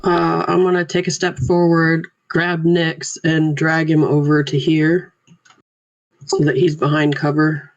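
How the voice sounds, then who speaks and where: A tabletop player talking slowly and tentatively in an even, flat voice. The sound is dull and lo-fi. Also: mid-range voice. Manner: slow, tentative. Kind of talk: tabletop game play. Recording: dull lo-fi mic.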